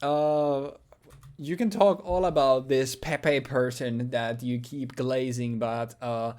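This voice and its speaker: A man's voice: medium pitch, steady tone, takes it slowly, a little mellow. A young man co-hosting a casual chat about a card game, loose and joking, full of fillers and swearing. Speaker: co-host.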